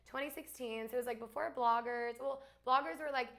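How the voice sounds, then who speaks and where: A young woman from Alabama, a guest in a casual chat, talking fast with lots of fillers and laughs. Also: high voice, fairly even intonation, gravelly, fairly bright tone. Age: young adult.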